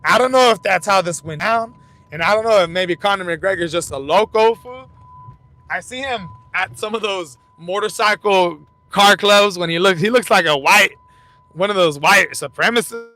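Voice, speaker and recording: A man's voice: moderate pace, sharp tone. A young man hosting a fight commentary channel, telling loose, profane stories in rambling casual talk while he drives. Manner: rambling storytelling, loose and profane, frequent restarts. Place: in a car while driving. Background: vehicle rumble.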